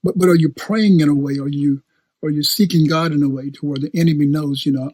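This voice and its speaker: Male preacher, breathy tone, dry close sound; loose, storytelling sermon delivery with restarts. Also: a little high, fairly even intonation, quick pace, mellow, no room sound. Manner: chatty, laughs often, repeats and restarts phrases. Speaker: pastor. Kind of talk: conversational sermon.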